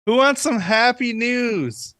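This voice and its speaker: A man's voice: extremely high pitch, lively intonation, takes it slowly, a bit bright, no echo. A man co-hosting a casual podcast chat, reading trivia items aloud with many fillers. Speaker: podcast co-host.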